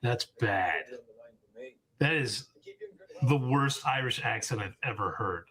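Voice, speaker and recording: A man chatting casually while watching a movie, sarcastic and animated. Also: medium pitch, slow pace. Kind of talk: casual watch-along banter.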